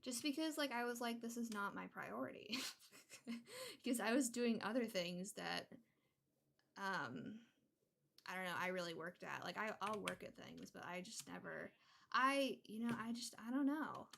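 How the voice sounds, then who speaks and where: A woman's voice: mid-range voice, expressive, a little slow, creaky, fairly bright tone, slight background noise. A young woman streaming a game, chatting casually and rambling from story to story. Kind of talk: casual chat while gaming. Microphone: desktop mic with adjustable gain.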